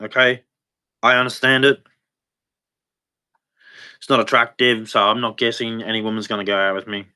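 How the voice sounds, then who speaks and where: Bright-voiced weary man rambling. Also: mid-range voice, flat delivery, clean tone. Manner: halting, rambling, with frequent restarts; weary and despondent. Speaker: livestreamer. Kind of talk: unscripted personal monologue.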